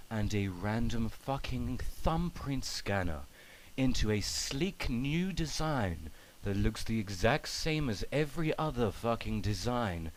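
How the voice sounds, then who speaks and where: A young man putting on a slow, hushed, self-important male advert announcer with a solemn, drawn-out delivery. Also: lowish voice, slight background noise, voice pushed down, low-quality recording.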